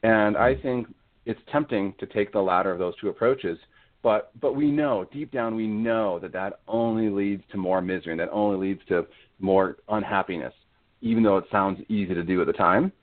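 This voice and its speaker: A man's voice: lowish voice, normal speed. A man talking earnestly about faith and family as a guest on a conversation podcast. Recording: phone-like audio.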